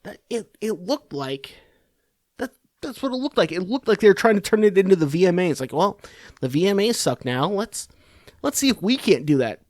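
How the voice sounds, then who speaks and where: A man's voice: high-pitched, big pitch swings, moderate pace, darkish tone, no echo, clean studio sound. A man hosting a podcast, giving casual political commentary in a rambling, sarcastic, profane way. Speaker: podcast host.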